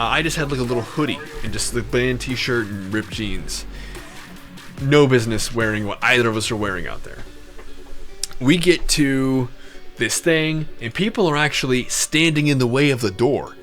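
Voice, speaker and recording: Bright-voiced rambling storyteller man. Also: mid-range voice. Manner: rambling, profane, digressive.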